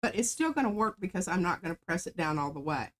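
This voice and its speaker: A woman chatting through a craft demo in a fairly low voice. Her pitch moves up and down a lot as she explains each step while she paints. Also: big pitch swings, fast. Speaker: artist demonstrating stamping. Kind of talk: casual craft demo chat.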